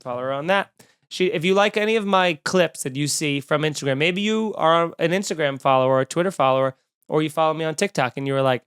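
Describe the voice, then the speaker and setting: A comedian hosting his podcast, telling a story in a casual, animated way, swearing and acting out what people said. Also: on the high side, fast talker, clean tone, no echo, studio quality. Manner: animated, swearing, acts out quotes.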